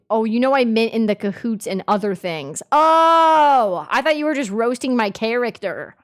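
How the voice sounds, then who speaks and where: A young woman streamer chatting casually with her audience and reading chat aloud, swinging from mumbled asides to loud indignant outbursts. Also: on the high side, sing-song, moderate pace, few pauses.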